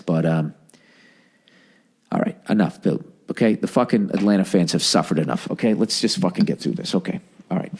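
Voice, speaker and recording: A middle-aged man hosts a podcast alone, talking in a loose, rambling monologue. He swears constantly and sounds exasperated as he jumps from one thought to the next. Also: on the low side. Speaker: podcast host. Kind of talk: casual ranting monologue.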